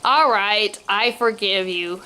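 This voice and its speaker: A woman's voice: mid-range voice, takes it slowly, pushed and bright, a little hiss or hum. A woman reading a storybook aloud and voicing a cranky middle-aged man who has been turned into a talking swan. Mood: grudging. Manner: cranky, complaining.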